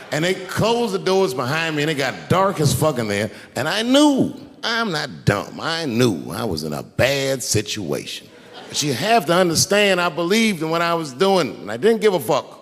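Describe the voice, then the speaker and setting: A middle-aged man telling a long stand-up story on stage, profane and animated, acting out the people in it. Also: a little high. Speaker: stand-up comedian. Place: large venue on stage. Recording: live stage recording with long hall reverb.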